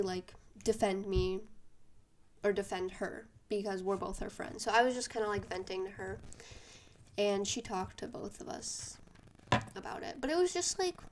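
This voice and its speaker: A teenage girl telling a school drama story in a casual vlog, animated and venting with lots of fillers. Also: medium pitch. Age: teens. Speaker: vlogger.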